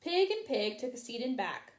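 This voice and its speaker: A woman reading a children's picture book aloud in an expressive, sing-song storytelling manner. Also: a little high, moderate pace. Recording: roomy echo.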